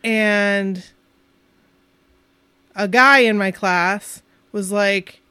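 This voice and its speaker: A woman's voice: mid-range voice, fairly even intonation, drawn-out words, sharp tone, smooth, no room sound. A woman in her forties, co-hosting a casual chat and telling stories playfully. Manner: storytelling, playful. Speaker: podcast co-host. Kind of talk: casual chat among friends.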